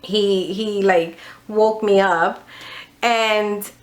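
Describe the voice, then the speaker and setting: A woman's voice: mid-range voice, steady tone, very slow, slight background noise. A woman vlogger animatedly retelling a story, acting out the dialogue, candid and exasperated, with some swearing. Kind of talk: casual storytime vlog.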